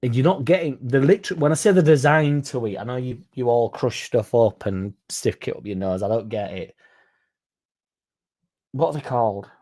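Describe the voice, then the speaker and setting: A man's voice: mid-range voice, normal speed, dark tone. A man hosting a football fan channel, chatting casually in a rambling, sweary, self-mocking way.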